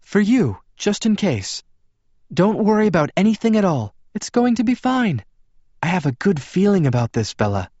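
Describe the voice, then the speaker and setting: A man's voice: sits high, sing-song, normal speed, a little mellow, no room sound, highs cut off, pitched above the performer's own voice. A man voicing an overeager young woman who talks in an insistent, gushing way.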